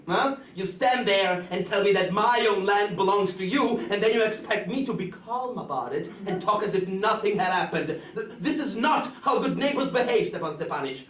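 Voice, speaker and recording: A man playing a touchy hypochondriac young landowner in a stage play, excitable and complaining of pains. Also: sits high, moderate pace. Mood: agitated. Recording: roomy, distant mic with faint noise.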